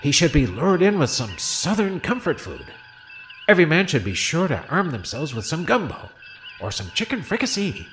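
A man's voice: a little high, big pitch swings, normal speed, a bit bright, soft background music. A man voicing a fretful, scatterbrained male politician aboard a starship in a comedy audio play. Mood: rambling. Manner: whiny, rambling, easily distracted. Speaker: voice actor.

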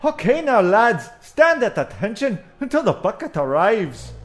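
Brief: man doing a bossy, gruff mine foreman, high voice, sounding off-mic. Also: very animated, unhurried. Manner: bossy, clipped orders.

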